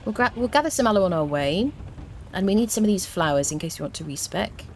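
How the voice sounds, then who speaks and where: A woman's voice: mid-range voice, expressive, fast talker, a little hiss or hum. A woman streaming a video game, chatting to her viewers and humming little tunes to herself as she plays. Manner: chats to viewers. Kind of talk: casual live-stream chat while playing.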